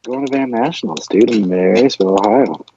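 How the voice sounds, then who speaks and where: A man's voice: on the low side, expressive, fairly quick, vocal fry, dark tone, slight background noise. A man from Michigan co-hosting a podcast in casual chat, goofy, laid-back and scatterbrained. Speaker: podcast co-host. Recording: dull lo-fi sound.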